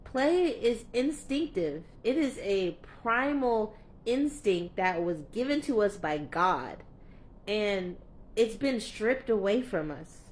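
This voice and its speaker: A young adult woman coach speaking candidly in a vlog, earnest and heartfelt, rambling with many fillers and restarts. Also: on the high side. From California. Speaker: play and movement coach.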